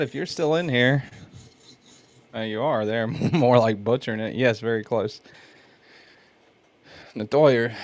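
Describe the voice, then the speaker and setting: Slow-talking Southern man streaming live. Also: medium pitch, no room sound. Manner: slow, halting, laughs often, reads chat aloud. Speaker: host sharpening knives on a livestream. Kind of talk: casual livestream chat.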